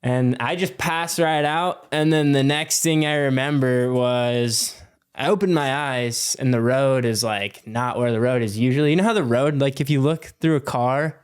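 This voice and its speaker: A young man in his twenties, a podcast guest telling a story in a loose, animated way with lots of fillers and swearing. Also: mid-range voice, moderate pace, clean tone. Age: 20s. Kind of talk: casual storytelling.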